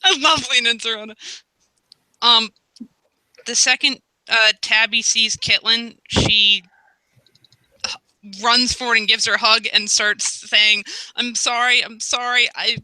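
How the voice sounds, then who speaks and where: A woman chats eagerly with her tabletop group in a very bright, sharp voice. Her recording is dry and close, with no room sound. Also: fairly high pitch, fairly even intonation, unhurried, pauses often, dry recording, rough recording. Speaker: player. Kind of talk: casual tabletop game chat.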